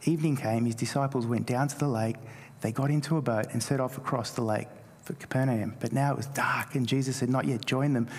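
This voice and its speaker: Speaking a little fast at medium pitch in a large hall, a Greek man whose first language is Greek preaches a sermon as a pastor. His delivery is animated, rising in emphasis whenever he quotes scripture.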